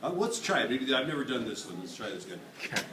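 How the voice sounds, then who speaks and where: A joking male physics teacher demonstrates to his class, voice caught from across an echoey room. Steady noise sits under him. He talks at an average pitch. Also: brisk. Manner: playful, jokey, energetic demonstrator. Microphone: camera at a distance. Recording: echoey classroom from far off, noisy.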